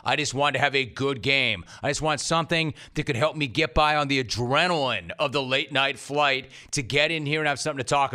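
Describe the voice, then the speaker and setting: A man's voice: medium pitch, pushed and bright. A man hosting a sports radio show, brash and punchy, repeating short phrases for effect. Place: radio studio.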